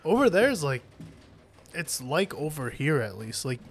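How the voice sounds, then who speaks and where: A young man co-hosting a podcast in casual chat, excitable, joking and swearing. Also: fairly high pitch, moderate pace. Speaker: podcast co-host.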